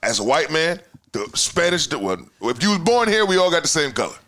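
Guy hosting a podcast, fired up and ranting, cussing, gets loud then mumbles. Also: a little high, big pitch swings, a little fast. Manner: impassioned, ranting, swears freely, swings from loud to muttering. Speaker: podcast host. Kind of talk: heated casual podcast talk.

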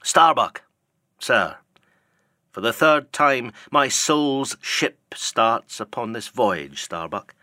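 Male reader doing an old, obsessed sea captain: declaiming, archaic, slow and weighty. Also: mid-range voice, very animated, sharp tone, no room sound, studio quality, full character voice. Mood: solemn. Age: older. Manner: declaiming, solemn archaic speech. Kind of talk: audiobook character reading.

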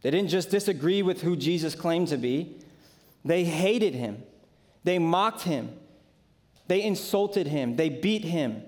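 A male pastor preaching with a somewhat high-pitched voice. He delivers slow, emphatic lines, lingering on dramatic phrases. He moves from vivid scripture retelling to relaxed personal storytelling. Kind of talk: sermon.

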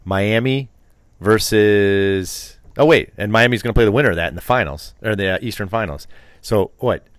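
A man's voice: fairly low pitch, normal speed, no room sound. A man co-hosting a casual podcast, talking sports in a rambling, opinionated, teasing way. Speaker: podcast co-host.

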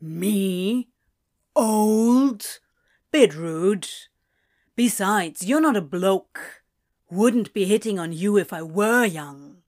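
A woman's voice: mid-range voice, slow pace, close to an everyday voice. Woman voicing a blunt, weary male demon. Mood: exasperated. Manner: louder, clipped and theatrical.

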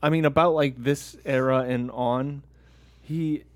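A man co-hosting a casual movie review podcast, animated and quick to laugh as he defends an actor he likes. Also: mid-range voice, dry recording. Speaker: podcast co-host.

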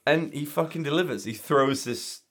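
A man's voice: a little high, moderate pace, slight background noise. A man co-hosting a podcast, chatting casually about a film, talkative, swearing and laughing a lot. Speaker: podcast co-host. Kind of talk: casual film discussion chat.

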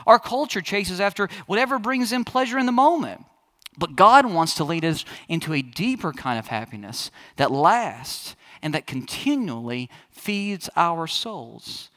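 A man's voice: sits high, very animated, unhurried, sharp tone. A man in his thirties, a pastor preaching a sermon in a chatty, storytelling way that speaks straight to the congregation.

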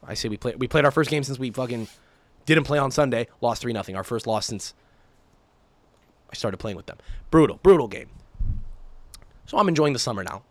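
A man's voice: medium pitch, fairly quick, pauses often, dry recording. A young man hosting a podcast, telling a long profane story and mimicking the people in it. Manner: animated, profane, mimics people in shouty voices. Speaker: podcast host. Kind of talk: casual chat, ranting storytelling.

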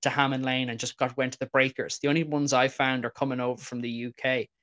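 A man hosting a podcast, telling stories in an excitable, rambling way. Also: mid-range voice, fast talker. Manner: excitable rambling storyteller, many "like"s. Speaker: podcast host. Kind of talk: casual interview chat.

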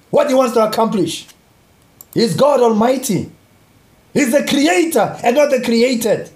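A man with a strikingly high voice delivers a sermon, repeating his points and bursting into shouts on the key phrases. The room around him is echoey and reverberant. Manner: impassioned, repetitive, rising to shouts on key phrases. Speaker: preacher.

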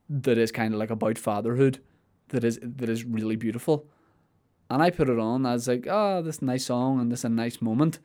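A man's voice: mid-range voice, mellow. A young man hosting a podcast in casual chat, answering listener questions in a rambling way that often interrupts itself. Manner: rambling, self-interrupting, with restarts and playful asides. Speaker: podcast host.

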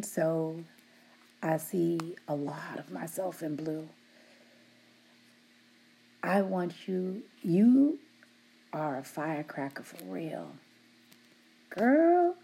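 Middle-aged woman supervisor with a slow, gravelly delivery who teases her staff and laughs often. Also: fairly low pitch, mellow. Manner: laughs often, teasing yet heartfelt. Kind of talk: affectionate shout-outs to her team.

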